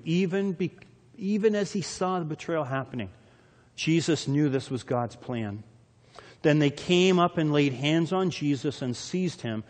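A man preaching a sermon, reading scripture aloud and explaining it, with his loudness rising and falling dramatically. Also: a little high, lively intonation, moderate pace, big-room sound. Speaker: pastor.

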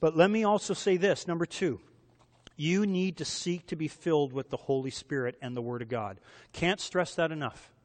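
A man preaching in a relaxed, conversational sermon. His voice sits a bit high for a man and rings out with the long reverb of a big hall. He keeps asking his listeners questions. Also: normal speed. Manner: conversational, asks the audience rhetorical questions. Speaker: pastor.

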